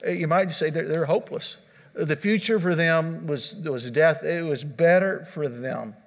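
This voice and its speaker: A man's voice: fairly high pitch, measured pace, creaky, long reverb tail. A man preaching a sermon as pastor, earnest, repeating his key points and restarting phrases as he goes.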